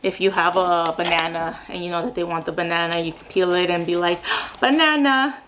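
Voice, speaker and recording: A woman's voice: fairly low pitch, monotone, quick pace, noisy background. A young woman, a mom and speech therapist, giving casual advice in a chatty way with many fillers.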